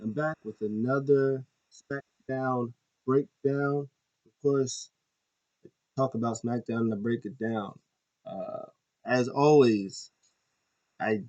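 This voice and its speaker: A man's voice: mid-range voice, fairly even intonation, slow, pauses often, a little mellow, muffled recording. A man chatting casually through a wrestling recap in a mid-range voice, the talk full of ums, uhs and restarts. He wanders and backtracks but keeps an easy, informal flow. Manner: rambling, many ums and uhs, self-correcting. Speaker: YouTube host.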